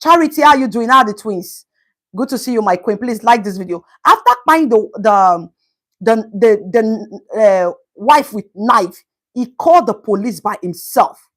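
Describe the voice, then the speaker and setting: A woman's voice: on the high side, measured pace. A woman hosting a casual live stream, commenting on a news story and greeting viewers by name. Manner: animated, greets viewers by name, Pidgin asides.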